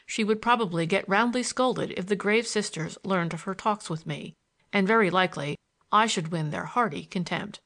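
A woman narrates an audiobook in a medium-pitched voice. Her scripted narration is measured and expressive, in a storytelling manner.

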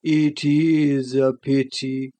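A woman's voice: a bass voice, little pitch movement, mellow, voice pushed down, exaggerated voice. A woman voicing a huge, lazy, sleepy male sloth creature in a storybook reading, drawling and slobbery. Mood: drowsy. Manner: very slow, drowsy, demanding.

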